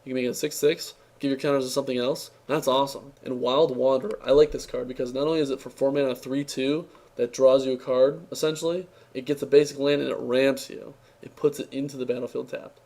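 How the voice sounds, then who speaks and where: A man's voice: mid-range voice, fairly even intonation, fast talker, few pauses, a little mellow. Young man with a tired, strained voice. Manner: offhand and sarcastic, with many fillers and restarts. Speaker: card game reviewer. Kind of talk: casual spoken review.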